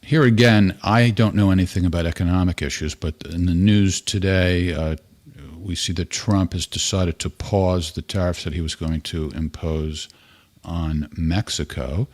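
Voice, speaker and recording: Deep-voiced male podcast host. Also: fairly even intonation, normal speed, a little mellow. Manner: rambling, conversational. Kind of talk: casual chat.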